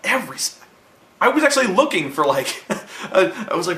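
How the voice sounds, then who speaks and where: A man's voice: a little high, very animated, moderate pace, pushed and bright, reverberant. A young man telling a long rambling, profane anecdote in a casual vlog, mocking himself and laughing along the way. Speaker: online video host.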